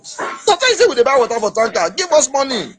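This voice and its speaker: A man with a Nigerian accent in casual political chat, emphatic and animated, slipping into Pidgin. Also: very high-pitched, quick pace, slightly rough. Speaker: podcast host.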